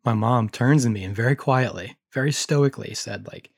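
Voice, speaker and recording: A woman co-hosting a podcast in casual chat, joking and telling animated stories. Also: rumbling low, normal speed, creaky, hardly any pauses, dry recording, clean studio sound. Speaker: podcast co-host.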